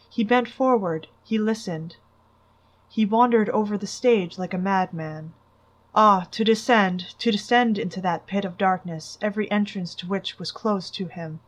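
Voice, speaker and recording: Woman, audiobook narrator, measured, dramatic, mid pitch. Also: poor audio. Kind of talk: audiobook reading.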